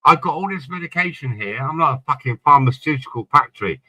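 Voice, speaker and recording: Bright-voiced man telling rambling stories. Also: fairly high pitch, lively intonation, fast talker, breathy edge, no echo. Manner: rambling anecdotal storyteller, swears casually. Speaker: podcast panelist. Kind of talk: casual chat.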